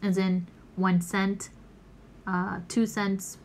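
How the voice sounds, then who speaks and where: Woman teacher, patient step-by-step explaining, moderate pitch, slow delivery. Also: flat delivery, darkish tone, a little hiss or hum. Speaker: English teacher. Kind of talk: recorded class lesson.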